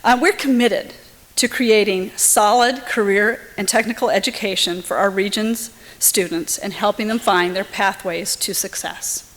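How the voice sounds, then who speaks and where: A woman presenting at an awards event, introducing the keynote speaker with steady prepared remarks. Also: medium pitch, a little slow. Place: large hall. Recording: long reverb of a big hall.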